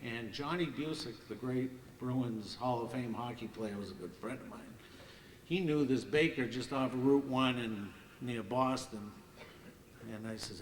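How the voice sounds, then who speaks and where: A man's voice: medium pitch, measured pace, slight background noise. Older man spinning stories in a hall. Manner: lively, acts out the voices of others. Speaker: hall of fame ceremony speaker. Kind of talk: anecdotal after-dinner storytelling. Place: banquet hall stage. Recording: echoey hall from far off.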